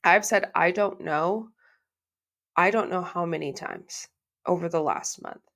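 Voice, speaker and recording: A woman's voice: on the low side, moderate pace, a bit bright. A woman hosting a solo podcast, talking to her listeners in a heartfelt, reflective way and repeating phrases for emphasis. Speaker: podcast host.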